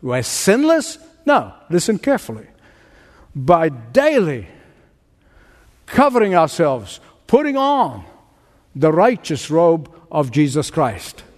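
A man's voice: a little high, huge pitch swings, measured pace, darkish tone, in a large hall. A man preaching a sermon, earnest, with a storytelling aside. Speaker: pastor.

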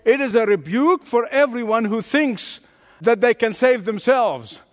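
A man's voice: extremely high pitch, lively intonation, a little slow. A man preaching a sermon as a pastor, emphatic and driving his points home with rhetorical repetition. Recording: long hall reverb.

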